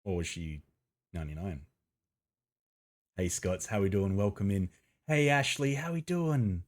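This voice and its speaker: A man live-streaming a game, chatting casually with viewers, greeting them by name and laughing and swearing easily. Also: measured pace. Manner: chatty, greets viewers by name, bursts of excited rising pitch.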